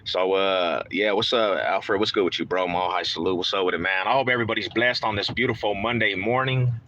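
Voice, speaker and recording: A man's voice: low voice, a little fast, pushed and bright, muffled recording, slight background noise. A man live-streaming from his car on the way to work, chatting hyped and trash-talking, calling everyone bro. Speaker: live-streaming sports fan host. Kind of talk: casual live stream chat. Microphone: phone in hand.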